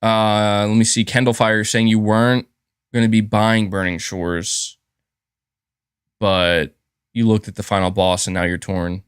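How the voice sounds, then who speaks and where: A man's voice: on the low side, little pitch movement, a little slow, smooth, dry recording, clean studio sound. A man hosting a casual gaming livestream, rambling and thanking viewers, with a sore throat. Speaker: gaming channel host.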